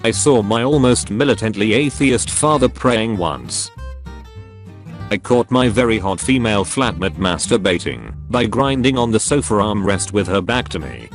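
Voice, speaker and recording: A man narrating online posts in an even, matter-of-fact scripted reading. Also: on the low side, normal speed. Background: faint guitar music.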